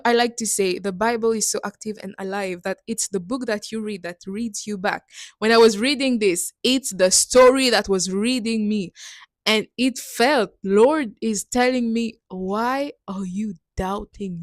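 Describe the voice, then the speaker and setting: A woman's voice: mid-range voice, no room sound. Earnest woman sharing a faith story. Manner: earnest, emotional, laughs between lines. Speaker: missionary sharing testimony. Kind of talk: personal faith testimony.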